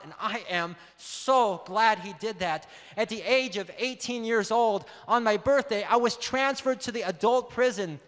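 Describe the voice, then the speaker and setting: A man's voice: extremely high pitch, a bit bright. A man in his thirties giving an earnest, emphatic testimony sermon and calling out to his audience. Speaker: preacher. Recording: long hall reverb.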